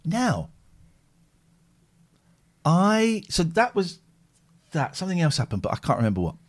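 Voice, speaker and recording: A middle-aged man hosts a casual livestream chat. His voice sits slightly high, and he jumps all over his range as he acts out the people in his anecdotes. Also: wildly swooping pitch, unhurried. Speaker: livestream host.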